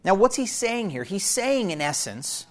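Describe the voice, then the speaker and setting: Earnest preacher working through a text. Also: male voice, high-pitched, big pitch swings, a little slow. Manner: earnest, emphatic preaching with rhetorical questions. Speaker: pastor. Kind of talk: expository sermon.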